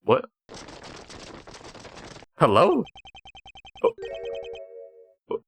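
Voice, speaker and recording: A man's voice: fairly high pitch, wildly swooping pitch, extremely slow, gravelly, faint music behind. A man chatting casually while streaming a game, giggly and self-mocking.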